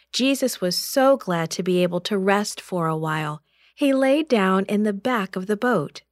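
Slow gentle woman storyteller. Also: medium pitch, no echo, studio quality. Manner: expressive, gentle storytelling with dramatic lifts. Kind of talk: children's story narration.

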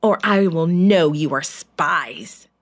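A woman voicing Joseph, a stern and powerful male governor, in a slow, low, commanding tone.

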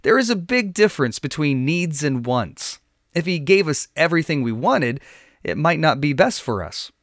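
A man's voice: fairly high pitch, big pitch swings, moderate pace, fairly bright tone, no echo, studio quality. A man voicing a weary, kindly village father who speaks in a groggy, patient way in a read-aloud Bible story.

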